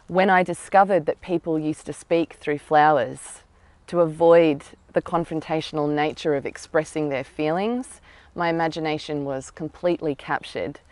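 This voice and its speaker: A woman's voice: sits low, steady tone, normal speed, darkish tone, no echo. A woman author, speaking thoughtfully and earnestly outdoors about her novel, with some fillers. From Australia. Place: outdoors in botanical gardens.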